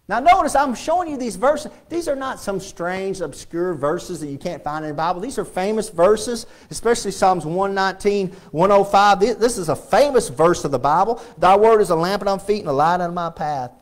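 A pastor preaching a sermon in a church, swinging between loud and hushed delivery and often repeating phrases. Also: male voice, high voice, animated, brisk, hardly any pauses. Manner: repeats phrases and restarts lines. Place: church sanctuary.

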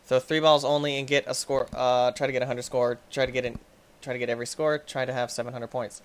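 Excitable young man gaming commentary. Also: mid-range voice. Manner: excitable, quick to frustration, yells at the game. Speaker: gaming YouTuber. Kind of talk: let's play commentary.

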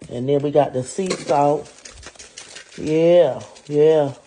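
A man's voice: on the high side, slow, mellow, a little hiss or hum. A man playing a sassy, vengeful scorned wife. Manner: sassy, talks straight to viewers with "y'all" and "honey". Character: scorned vengeful wife cooking for her cheating husband. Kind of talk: comedy skit cooking monologue.

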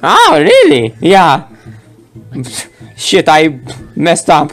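A man with a high, lively voice commentates a card game in a playful, excitable way, laughing often and letting out mock roars. He talks slowly and lingers on words, with faint music under him. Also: vocal fry. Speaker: gameplay commentator. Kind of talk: playful game commentary voicing both sides.

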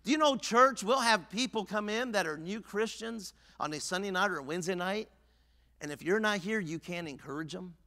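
A male pastor preaching a fervent sermon in a church sanctuary, swinging between loud exhortation and hushed earnestness. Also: high-pitched, animated, brisk. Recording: long church reverb.

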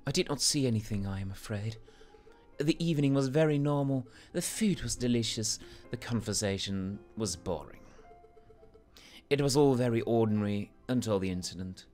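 A man's voice: medium pitch, expressive, normal speed, a little mellow, soft background music, lightly acted. A man voicing a prim young noblewoman held in prison, haughty and formal in a video game let's play. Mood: aloof.

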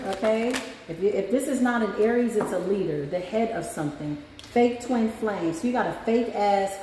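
A woman hosting a casual spiritual reading on her channel. She talks in a sassy, chatty way and keeps calling her listeners "child" and "y'all". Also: mid-range voice. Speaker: spiritual reader and channel host. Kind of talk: casual tarot-reading vlog talk. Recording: echoey room with faint background hum.

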